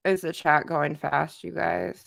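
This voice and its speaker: A woman's voice: sits low, fairly even intonation, measured pace, vocal fry, a bit bright, no echo, clean studio sound. A woman hosting a casual livestream and reading out chat comments. She is congested from a cold and talks in a loose, repetitive way with many fillers. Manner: conversational, repeats herself, many fillers.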